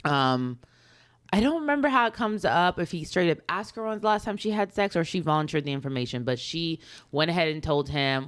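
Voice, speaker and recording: A woman's voice: low-pitched, very animated, a little fast, smooth. A woman co-hosting a podcast, chatting casually as she retells a story with many ums and acts out quotes. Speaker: podcast co-host.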